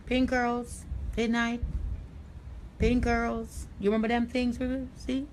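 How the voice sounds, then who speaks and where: A woman's voice: fairly high pitch, little pitch movement, takes it slowly, a crowd in the background, low-quality recording. A woman with a Jamaican accent, hosting a chatty live hair tutorial and calling viewers honey. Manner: sassy, calls listeners honey. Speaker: hairstylist host.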